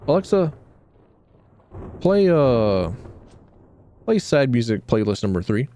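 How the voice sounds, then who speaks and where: A man's voice: mid-range voice, sing-song, takes it slowly, mellow. A man streaming a video game, joking crudely and often trailing off mid-thought. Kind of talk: casual gaming commentary.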